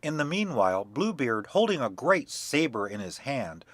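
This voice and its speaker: A man narrating a fairy tale for young children in a measured, expressive reading. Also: mid-range voice, no room sound. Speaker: storyteller.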